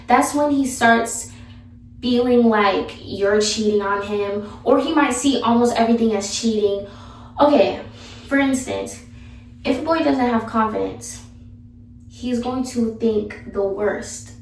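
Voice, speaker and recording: Young woman, sassy and blunt, casual advice chat, gravelly edge, distant mic in an echoey room. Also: fairly high pitch. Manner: sassy, blunt, chatty with restarts. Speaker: vlogger giving advice.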